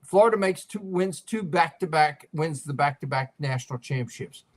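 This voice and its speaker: Sports writer guy, bit high voice, eager, rattling off game details. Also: expressive, normal speed. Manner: eager, detail-heavy recounting of games. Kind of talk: casual chat.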